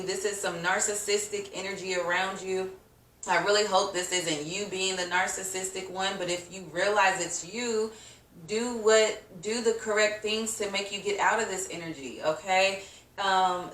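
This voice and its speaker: A woman's voice: fairly low pitch, a bit bright, far from the mic, a little hiss or hum. Chatty woman tarot reader, echoey room. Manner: chatty, slangy, laughs often, acts out reactions. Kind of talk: casual tarot reading to viewers.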